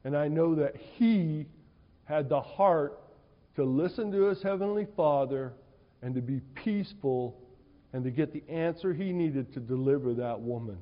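A male preacher with a fairly high voice delivers a conversational, animated sermon, telling stories in casual plain speech. His voice rings with a long reverb in the church hall, and the sound is somewhat dull. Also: a little slow.

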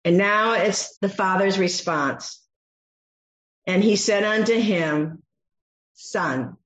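Slow, echoey woman preaching a sermon. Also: mid-range voice. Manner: expressive Bible teaching, acting out quoted voices. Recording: echoey dull room sound.

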